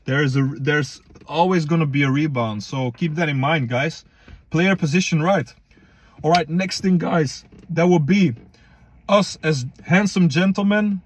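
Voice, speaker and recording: A man's voice: fairly high pitch, measured pace. A young man casually talking to viewers as a fitness vlogger, slangy and loose, calling them guys and bro. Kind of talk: casual advice vlog.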